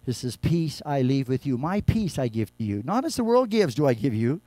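A male pastor preaching a sermon, moving between quiet low scripture reading and loud, raised exhortation. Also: big pitch swings, brisk, dry recording. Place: church.

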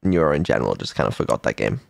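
A male streamer chatting casually in a halting, mumbling way with dry, swearing remarks. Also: extremely low pitch, sing-song, vocal fry, no echo. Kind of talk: casual chat.

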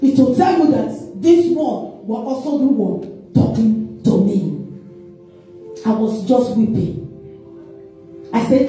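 A woman's voice: on the high side, slow, pauses often, mellow. A woman evangelist preaching a sermon in call-and-response style, asking questions and answering them herself, recorded in a church hall. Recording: echoey room, distant mic, faint music.

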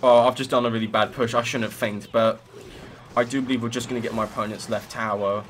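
A man's voice: medium pitch, fairly even intonation, fast talker, fairly bright tone, a little hiss or hum. A man giving chatty live commentary over his own gameplay, narrating each move with self-critical asides.

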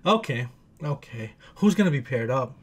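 Excitable, lively-voiced man reacting. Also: fairly high pitch, moderate pace, breathy edge. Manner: excitable, swears freely, squeals and shouts when thrilled; talks to himself aloud. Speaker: reaction channel host. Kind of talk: excited music video reaction. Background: faint music video playing.

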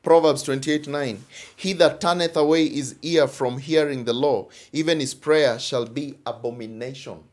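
A man's voice: mid-range voice, normal speed, darkish tone. A man with a Kenyan English accent preaching a sermon, emphatic, repeating phrases and often asking "all right?".

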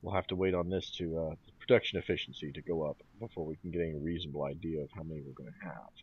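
A man's voice: a bass voice, fairly even intonation, racing, slightly rough, dull audio. A man hosting a gaming channel, thinking aloud in casual commentary as he plays a strategy game. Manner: thinking aloud, mumbling and musing. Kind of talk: let's play commentary.

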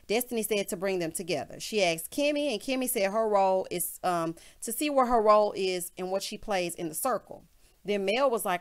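A woman casually recapping a reality show, sassy and chatty, who often mimics the people she talks about in high, mocking voices. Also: expressive, moderate pace, clear, resonant tone. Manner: sassy and chatty, often says "child" and "honey".

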